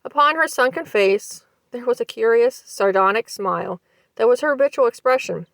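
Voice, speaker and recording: A woman narrating a short story aloud for a library series, with a measured, expressive reading style. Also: fairly high pitch, creaky, dry recording.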